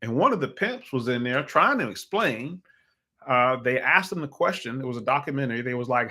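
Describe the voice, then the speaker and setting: A man hosting a live call-in stream with casual political commentary. He speaks in an animated, opinionated, rambling way into a desk microphone, with restarts and chuckles. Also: mid-range voice, a little fast, breathy edge.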